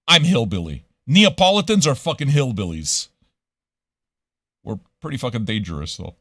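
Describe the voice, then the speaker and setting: A man's voice: mid-range voice, fairly bright tone, dry recording, studio quality. A man from Montreal hosting a casual livestream radio show, talking in a profane, rambling way and dropping into French now and then. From Montreal, Canada.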